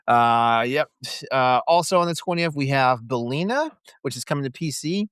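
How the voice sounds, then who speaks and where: Smooth-voiced podcast co-host man. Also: medium pitch, moderate pace, dry recording, studio quality. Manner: relaxed, reads descriptions with small stumbles. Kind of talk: casual chat and reading game blurbs.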